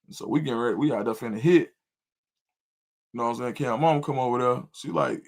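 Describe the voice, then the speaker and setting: Middle-aged man, animated livestream storyteller and host. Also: fast talker, vocal fry, long pauses. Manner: animated storyteller, jumps to high loud voice when quoting himself. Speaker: volunteer youth football coach and show host.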